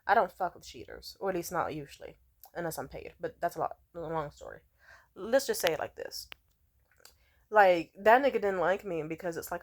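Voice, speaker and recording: A woman's voice: lowish voice, animated, fairly quick, gravelly. A young woman ranting casually into her phone, blunt, profane and sarcastic. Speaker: vlogger. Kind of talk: casual rant to camera.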